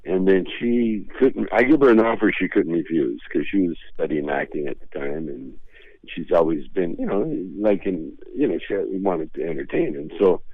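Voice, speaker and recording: A man's voice: sits low, animated, moderate pace, breathy edge, no room sound. A male comedian telling rambling, laid-back anecdotes as a guest in a radio interview. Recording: dull lo-fi radio sound.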